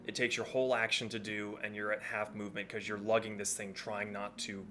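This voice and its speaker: A man's voice: fairly low pitch, level tone, a little fast, bright, forceful tone. A man running a tabletop game as dungeon master, narrating in a loose, chatty way.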